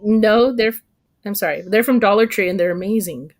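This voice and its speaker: A woman's voice: mid-range voice, moderate pace. Woman cohost chatting on a stream, hesitant, midrange voice. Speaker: livestream co-host. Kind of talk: casual chat on a livestream.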